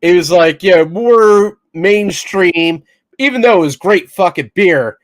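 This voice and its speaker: A man co-hosting a sports talk show, rambling with halting restarts. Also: sits high, lively intonation, dry recording. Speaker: podcast co-host. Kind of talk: casual chat.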